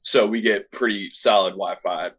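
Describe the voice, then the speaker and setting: A man, a guest musician, answering casually from his home basement in a relaxed, friendly way with many fillers. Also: on the low side, moderate pace, breathy edge. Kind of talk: casual interview.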